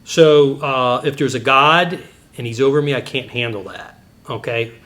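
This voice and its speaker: A middle-aged man giving a Christian apologetics teaching talk, telling animated, digressive personal stories with sudden jumps in pitch. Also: moderate pace.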